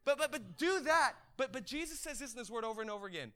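A male pastor delivers a lively sermon in a strikingly high voice. His tone is bright and forceful. He trips over restarts in his excitement and often surges into shouting. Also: fast talker, clean tone. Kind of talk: energetic sermon.

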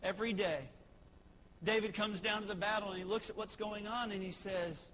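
A man's voice: sits high, steady tone, normal speed, fairly bright tone, in a large hall, slight background noise, low-quality recording. A man preaching a sermon, telling a story conversationally. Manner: storytelling, conversational with acted quotes.

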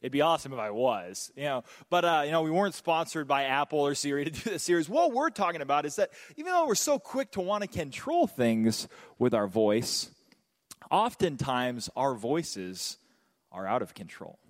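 A man preaching a sermon, telling stories and jokes in an animated way. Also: on the high side, brisk, long reverb tail. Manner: animated, joking, storytelling. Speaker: pastor.

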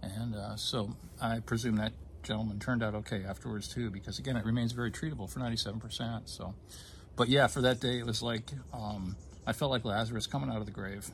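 A man telling a personal story in casual conversation, halting with fillers and restarts and getting emotional at times. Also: fairly low pitch, fairly even intonation, slight background noise. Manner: emotional, gets choked up. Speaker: guest telling his story.

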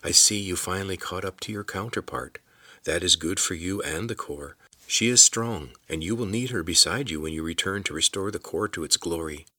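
Audiobook: man voicing a gentle old sage, deep, bright-toned, soft-spoken, kindly. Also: no echo, full character voice. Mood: earnest. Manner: soft, kindly, unhurried counsel. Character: kind wise old man, twinkling and gentle.

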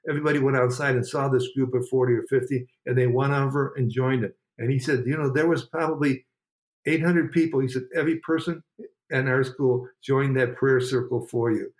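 A man's voice: medium pitch, steady tone, moderate pace. A man, a motivational speaker, telling a personal story in an interview with an earnest, emphatic delivery that repeats phrases.

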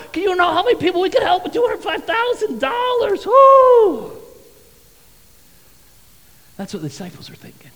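A male pastor preaching a sermon with animated, dramatic storytelling in a church sanctuary. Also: very high-pitched, gravelly, in a large hall, low-quality recording.

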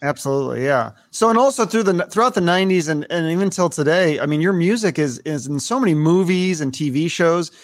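A male host with a high voice, recorded close and dry. He asks easygoing questions and fills in with short affirmations. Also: fairly quick, hardly any pauses, no echo. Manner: brief affirmations, leading questions. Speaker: podcast host. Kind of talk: casual interview.

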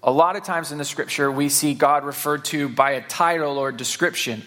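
A man's voice: on the high side, fairly bright tone. Man preaching a casual, conversational sermon. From Saint Louis area, Missouri. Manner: conversational, with fillers and repeated words; reads scripture aloud, slowing for emphasis. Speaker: pastor.

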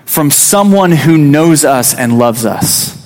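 A man's voice: on the high side, lively intonation, slow pace, a little mellow, in a large hall. A man in his thirties, a youth pastor, giving a conversational sermon with a personal story, restarting phrases and acting out quotes. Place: church sanctuary.

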